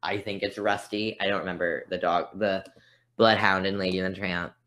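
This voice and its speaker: A woman with an unusually deep, low-pitched voice chats on a podcast. She rambles from thought to thought and pokes fun at herself, keeping it loose and easygoing. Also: fairly even intonation, normal speed, fairly bright tone. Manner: chatty, rambling, self-deprecating. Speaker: podcast co-host. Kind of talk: casual chat.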